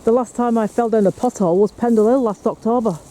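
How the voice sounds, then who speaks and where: A man's voice: very high-pitched, fast, warm tone. A man, chatting casually to camera as he explores woods for a paranormal vlog. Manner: chatty, teasing, talks to camera. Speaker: paranormal investigator vlogger. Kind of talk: casual outdoor vlog narration. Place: outdoors on a windy hill and in woods. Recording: faint wind and outdoor noise.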